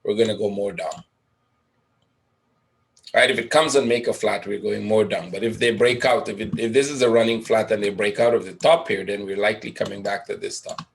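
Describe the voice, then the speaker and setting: A man's voice: fairly low pitch, steady tone, brisk, gravelly. A man teaching a live trading webinar, thinking aloud over a chart, asking and answering his own questions with frequent "right?" tags. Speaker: trading educator.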